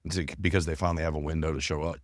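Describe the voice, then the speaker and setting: A man's voice: rumbling low, level tone, rapid-fire, no echo, clean studio sound. A man hosting a podcast who asks brief, prompting questions. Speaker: podcast host. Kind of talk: interview questions.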